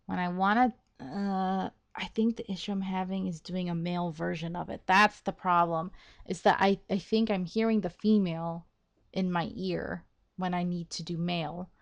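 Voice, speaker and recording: A woman's voice: fairly low pitch, steady tone, normal speed, vocal fry, no room sound, dull audio. A woman giving casual, chatty, self-deprecating commentary while playing a story game. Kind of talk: casual let's-play commentary.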